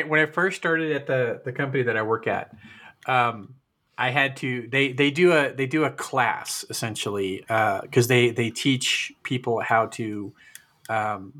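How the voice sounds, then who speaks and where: Bright-voiced man telling a story. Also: mid-range voice. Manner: rambling anecdote, many restarts. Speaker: podcast co-host. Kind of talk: casual storytelling.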